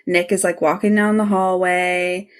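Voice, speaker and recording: A woman's voice: on the low side, little pitch movement, unhurried. Woman, podcast co-host; enthusiastic, chatty episode recapper. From United States. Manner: enthusiastic, gushing storyteller. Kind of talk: casual chat recapping a TV episode.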